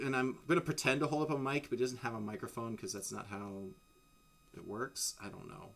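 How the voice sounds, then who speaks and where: A man's voice: medium pitch, little pitch movement, a little fast, vocal fry, fairly bright tone. A man narrating a tabletop game as game master in a casual, rambling way with many restarts. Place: home streaming setup.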